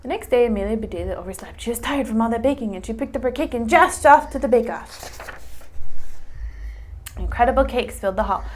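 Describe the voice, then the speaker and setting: A woman teacher doing a read-aloud storytime, animated and chatting with a child. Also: fairly high pitch, brisk, long pauses, slight background noise. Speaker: English teacher.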